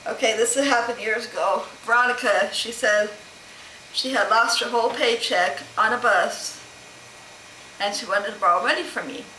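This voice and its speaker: A woman's voice: on the high side, normal speed, pushed and bright, echoey room, slight background noise, rough recording. A middle-aged woman chatting casually to camera at home, rambling and laughing as she answers questions. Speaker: vlogger answering a question tag. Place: home room.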